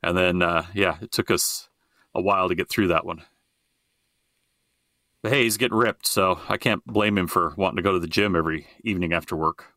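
A man's voice: low-pitched, brisk, bright, forceful tone, no echo, studio quality. A middle-aged man co-hosting a podcast in casual chat, rambling and swearing freely and often circling back to restart his point. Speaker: podcast co-host.

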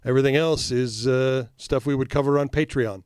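A man co-hosting a podcast in casual chat, speaking emphatically with profanity and fast excited bursts. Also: mid-range voice, clear, resonant tone, no echo, studio quality. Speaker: podcast co-host.

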